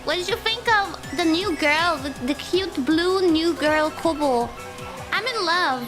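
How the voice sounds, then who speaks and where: A young woman streamer chatting casually, excitable and teasing, breaking into squeals and laughs. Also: sits high, unhurried. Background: background music.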